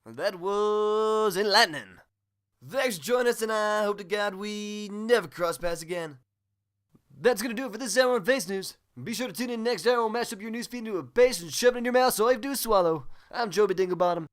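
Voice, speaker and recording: A man playing a smug, high-voiced spoof anchorman. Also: brisk, a bit bright. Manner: cheesy anchorman patter, boastful. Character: smug, self-obsessed male spoof-news host. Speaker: host. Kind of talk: comedy sketch acting.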